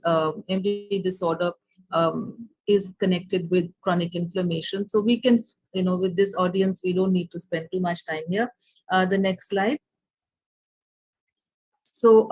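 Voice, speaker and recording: A woman with an Indian English accent giving an online lecture over a video call, pausing often with fillers and restarting phrases. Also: medium pitch, a little mellow, poor audio. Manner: hesitant, many fillers and restarts.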